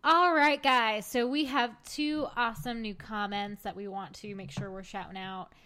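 A woman co-hosting a casual podcast, upbeat and quick to laugh as she reads listener comments. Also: fairly high pitch, steady tone, sharp tone, smooth. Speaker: podcast co-host. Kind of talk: casual chat.

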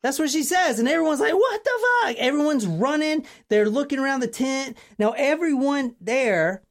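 A woman hosting a casual chat, telling a true crime story in an animated way, swearing casually and acting out quotes. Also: high voice, normal speed.

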